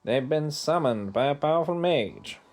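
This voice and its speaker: A man voicing a calm, earnest young male platoon leader giving orders in a retro video game. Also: a little high, normal speed, pitched above the performer's own voice. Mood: commanding.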